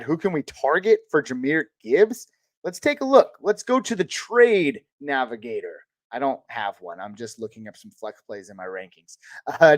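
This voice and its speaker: A man's voice: fairly high pitch, dry recording. Casual, chatty male live streamer. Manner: relaxed, chatty, addresses chat as dude and man. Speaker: host of a live fantasy football Q&A stream.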